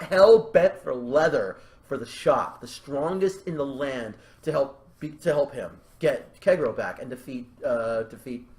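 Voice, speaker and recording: Excitable rambling young man, podcast host. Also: fairly high pitch. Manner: excitable, rambling, laughs and restarts often. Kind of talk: casual creative brainstorming chat.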